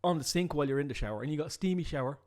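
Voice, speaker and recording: A man with a Dublin Irish accent, co-hosting a podcast in casual chat, emphatic and animated, often tagging "right?". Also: fairly high pitch, racing. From Ireland. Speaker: podcast co-host. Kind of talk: casual chat, telling jokes.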